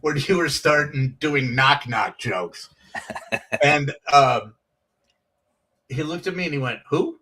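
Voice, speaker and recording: A comedian telling animated stories from his years on the comedy circuit, acting out the voices of people in them. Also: on the high side, slow pace, pauses often, distant mic, slight background noise, rough recording. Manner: animated storyteller, acts out quoted voices. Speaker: comedian guest. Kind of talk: casual storytelling.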